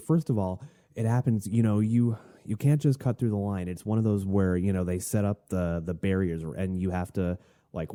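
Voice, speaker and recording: Man with a very dark, mellow voice. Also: low voice. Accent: none, not Southern. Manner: rambling, digressive, wry. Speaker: podcast host. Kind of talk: casual storytelling rant.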